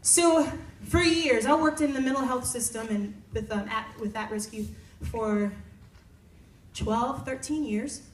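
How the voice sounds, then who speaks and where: In a roomy camp room, a soft-spoken singer-songwriter and music therapist with a fairly high voice talks a little slowly to campers, casual and full of "y'all," between bouts of live singing. The recording comes from a distant mic, with loud guitar playing behind her and slight background noise.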